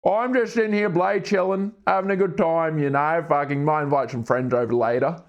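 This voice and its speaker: A man puts on a chummy little unborn baby boy who talks like a relaxed broad Australian bloke, all slang and easy charm. The voice sits well above a grown man's usual pitch and has a gravelly edge. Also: fairly quick, highs cut off. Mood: breezy. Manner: laid-back, chummy, slangy.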